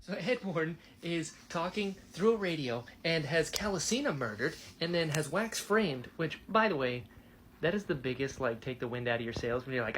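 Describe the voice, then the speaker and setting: Man, book reaction vlog, lively swooping pitch, excitable, gushing, gasps and mock voices. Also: moderate pace, a little hiss or hum. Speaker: book reviewer.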